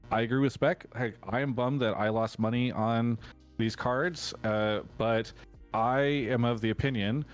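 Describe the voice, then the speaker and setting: A man speaking candidly on a live stream, with a voice of ordinary pitch and a conversational flow full of fillers. Faint music plays behind him. He sounds relaxed and unscripted as he makes his points. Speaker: guest commentator. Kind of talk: livestream discussion.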